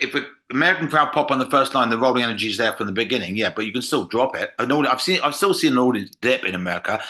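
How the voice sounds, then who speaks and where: An English man, a comedian, chatting casually on a podcast and acting out quotes as he tells stories. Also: mid-range voice. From England. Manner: animated storyteller, acts out quotes. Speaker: comedian guest.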